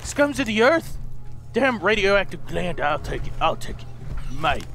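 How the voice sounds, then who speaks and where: A young gaming YouTuber commentates with loud, goofy mock-heroic bravado. His voice sits unusually high and sounds bright and sharp, and he swings between shouted boasts and muttered asides. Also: very animated, a little slow, vocal fry, soft background music. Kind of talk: comedic gameplay commentary.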